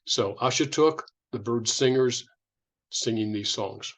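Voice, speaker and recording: A man's voice: mid-range voice, unhurried. Conversational male lecturer from California. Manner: conversational, with restarts and imitated sounds. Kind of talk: informal public lecture. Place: indoor lecture room.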